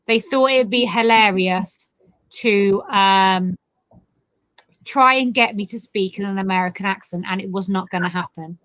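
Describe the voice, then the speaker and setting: A woman's voice: medium pitch, a little slow, fairly bright tone, no echo, rough recording. A woman co-hosting a casual livestream chat, teasing and laughing often. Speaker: co-host of online festival livestream.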